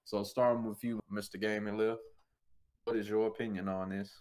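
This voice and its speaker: A man hosting a casual gaming podcast with a fairly low voice. He is laid-back and chatty, telling stories and laughing often as he moves the talk to the next question. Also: little pitch movement, moderate pace, darkish tone. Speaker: podcast host. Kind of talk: casual chat.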